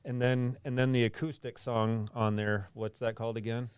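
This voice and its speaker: A man's voice: medium pitch, level tone, normal speed, a little mellow, smooth, dry recording. A man, a guest band member, telling in a laid-back way how the record came together. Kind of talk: casual podcast interview.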